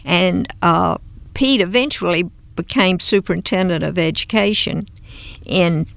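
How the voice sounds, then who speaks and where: An older woman with a Southern US accent, a guest recalling her past in an unhurried, storytelling way. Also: fairly low pitch, vocal fry. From American South. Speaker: interview guest. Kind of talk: reminiscing in conversation.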